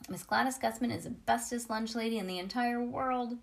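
An excitable little kindergarten girl calls out in a high, eager voice, as a woman reading aloud puts her on. She is loud and bossy in a children's storybook reading. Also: brisk, gravelly, distant mic. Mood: excited.

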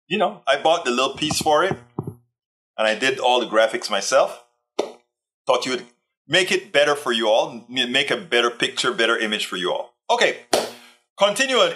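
A Texan man hosts a casual live stream, rambling along and reading viewer comments aloud, tired and nursing a sore back. His medium-pitched voice swings widely in pitch, and he talks briskly with a pushed, bright tone.

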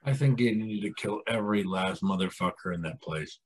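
A man's voice: fairly low pitch, brisk, breathy edge. A man hosting a comedy podcast, trading crude, teasing jokes. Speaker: podcast host. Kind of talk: casual comedic banter.

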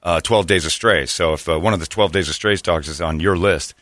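Man, low voice, fast rambling radio host, dry studio sound. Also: fairly bright tone, dry recording. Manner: rambling, joking, self-correcting. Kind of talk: casual morning radio banter.

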